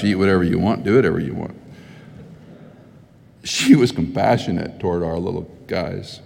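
A man's voice: sits low, moderate pace, vocal fry, long pauses, a little mellow. A middle-aged man preaching a sermon as pastor, telling stories conversationally and growing emphatic. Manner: conversational storytelling, rising to emphatic. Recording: hall with long reverb.

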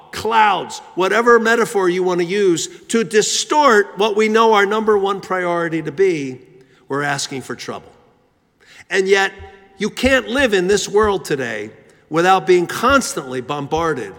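A man's voice: high voice, fairly bright tone. A man preaching a sermon, telling a story with rhythmic repetition. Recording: long hall reverb.

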